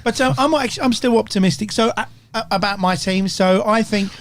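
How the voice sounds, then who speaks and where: A man's voice: high-pitched, fairly quick. A man telling football stories in casual banter with friends. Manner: laughing, storytelling banter. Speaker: podcast co-host.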